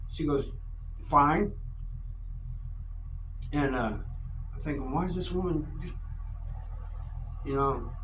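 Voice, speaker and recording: A man's voice: on the high side, slight background noise, low-quality recording. A middle-aged man, telling stories about his life in a folksy, laid-back way. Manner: laid-back, folksy, animated when quoting people. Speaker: YouTube storyteller. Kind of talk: casual storytelling to camera.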